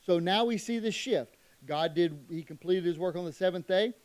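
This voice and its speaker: A middle-aged man preaching a church sermon, emphatic, moving between loud declarations and quiet asides. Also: high-pitched, moderate pace, dry recording. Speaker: pastor.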